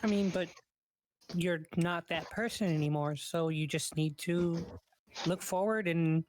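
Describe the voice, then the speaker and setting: A woman talks in character in a live role-play, reassuring and easygoing, now and then narrating what her character is doing. Her voice sits a little low, and it is recorded close and dry with no room sound. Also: a little slow, a little mellow, no echo.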